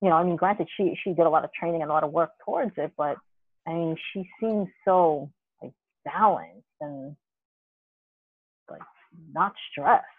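A podcast co-host chatting casually, telling rambling, animated stories with many restarts and the odd curse word. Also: medium pitch, moderate pace, long pauses. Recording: dry, tinny phone-line sound.

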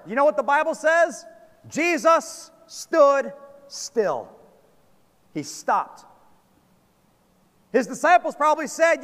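A man preaching with a very high, lively voice that leaps from loud calls to hushed, low lines. His sermon rings through a long hall reverb, like a church sanctuary. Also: slow, pauses often.

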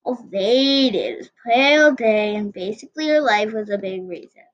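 A woman's voice: medium pitch, lively intonation, moderate pace. A woman reading her own story aloud in an earnest, uneven way, on a dull lo-fi recording.

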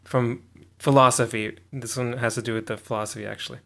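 A man's voice: mid-range voice, flat delivery, fast talker, vocal fry, sharp tone. A man hosting a podcast in loose, casual chat, laughing often between thoughts. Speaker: podcast host.

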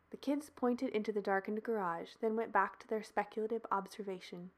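A woman's voice: mid-range voice, moderate pace. Woman reading a story aloud. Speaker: podcast host and author.

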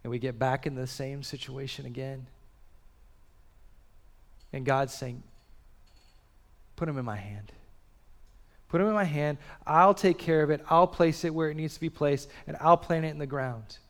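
A pastor preaching a sermon, swinging from loud urgent bursts to quiet, slow drops. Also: male voice, on the high side, fairly even intonation. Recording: long reverb of a large hall.

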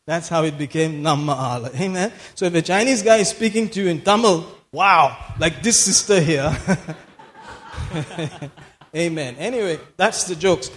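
A man delivers a sermon in a church, his voice pitched high for a man. He drives points home by repeating phrases and breaks into laughter often. Long reverb from the hall trails after his words. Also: a little slow. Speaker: preacher.

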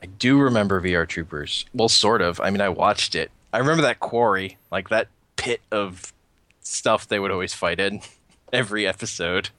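A man's voice: fairly low pitch, normal speed, bright, forceful tone, no room sound. A man co-hosting a podcast, chatting casually and rambling with frequent restarts. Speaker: podcast co-host. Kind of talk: casual chat.

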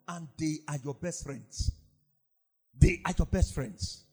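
A man preaching a sermon as pastor, swinging from loud emphatic lines to low mocking asides. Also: slow pace, husky.

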